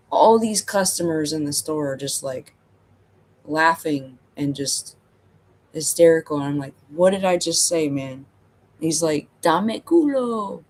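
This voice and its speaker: Rambling middle-aged man telling a story. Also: a little high. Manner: rambling, full of "you know" and "like"; loose, self-amused. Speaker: channel host. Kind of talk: casual storytelling.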